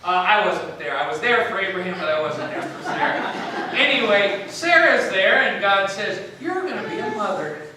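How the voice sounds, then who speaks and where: In a church sanctuary, a pastor preaches to his congregation in a chatty, joking style, repeatedly quizzing them with questions. His voice is high-pitched at a normal speed. The recording is very echoey with a distant mic and background noise.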